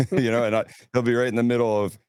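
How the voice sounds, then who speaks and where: A man's voice: mid-range voice, little pitch movement, fast talker, a little mellow, smooth, dry recording, studio quality. A man casually telling rambling, profanity-laced stories about touring. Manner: rambling storyteller, swears freely. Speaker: touring band crew member. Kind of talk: casual podcast chat.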